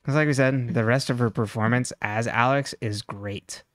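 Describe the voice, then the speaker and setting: A young adult woman co-hosting a podcast in casual chat, filling her talk with "like" and animated asides. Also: extremely low pitch, normal speed, dry recording, studio quality. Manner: chatty, heavy use of "like", animated. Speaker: podcast co-host.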